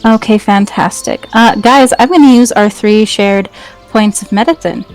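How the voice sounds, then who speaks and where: Woman player talking over soft music. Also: mid-range voice, moderate pace. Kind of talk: casual tabletop play.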